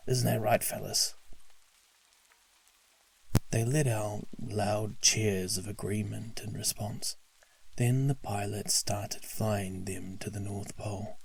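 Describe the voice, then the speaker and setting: A man narrating a story at a slow, calm pace, sometimes dropping to a whisper. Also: fairly low pitch, gravelly, a little hiss or hum. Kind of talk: scripted story narration for sleep.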